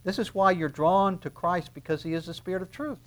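A man preaching a sermon in a conversational way, acting out little dialogues and swinging between quiet asides and loud emphasis. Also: high-pitched, brisk. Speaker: pastor.

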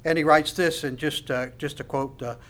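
Male pastor, slightly high pitch, fervent sermon delivery with hushed-to-loud swings. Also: fairly even intonation, normal speed.

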